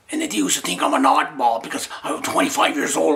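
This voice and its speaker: A man's voice: a little high, fast talker, gravelly, few pauses, a bit bright. A man doing a rambling comic commentary on his own tall tales, dryly repeating that it was all boring.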